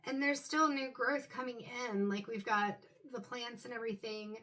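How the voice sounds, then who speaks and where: A woman giving an intuitive tarot reading to her viewers, talking in a loose, musing way and filling pauses with "um" and "like". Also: on the high side, bright, forceful tone. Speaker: tarot card reader.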